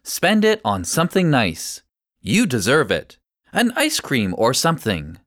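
A man reading an audiobook, voicing a village woman who is quick to accuse and interrupt. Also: mid-range voice, wildly swooping pitch, fairly bright tone, no room sound, clean studio sound. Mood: grateful. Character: upset village woman, sharp then grateful.

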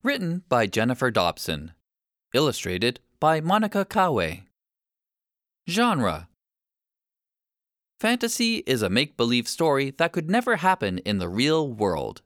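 Expressive storybook narrator, very lively pitch. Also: unhurried, pauses often, no room sound, clean studio sound. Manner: clear, steady, expressive reading. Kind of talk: scripted children's story narration.

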